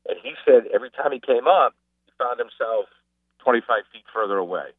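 A man chatting casually as a guest on a radio show, an animated storyteller who mimics the people he describes. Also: medium pitch, fairly quick, dry recording. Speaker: sports broadcaster and guest. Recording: phone line.

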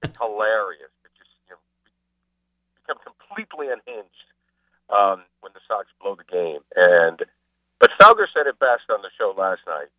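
A man speaking as a call-in guest on a radio show, his voice low, his pitch swinging widely as he tells stories. He slips into other people's voices while he talks. The sound is a dry, tinny phone line. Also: moderate pace, long pauses, no room sound. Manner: animated storyteller, mimics people he describes. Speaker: sports broadcaster and guest. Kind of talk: casual radio chat.

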